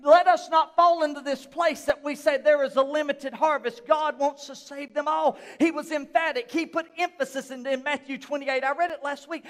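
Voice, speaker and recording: Preacher, man, very high voice, long church reverb, quiet then shouting. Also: fairly even intonation, moderate pace, few pauses. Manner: swings from quiet talk to shouted emphasis. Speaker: pastor. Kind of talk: sermon. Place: church sanctuary.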